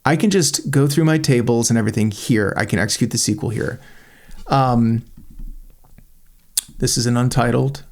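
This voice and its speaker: A man hosting a screen-recorded walkthrough of a software tool, thinking aloud in a chatty, enthusiastic way as he clicks through it. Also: medium pitch, moderate pace, gravelly, pauses often. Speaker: channel host reviewing a software tool.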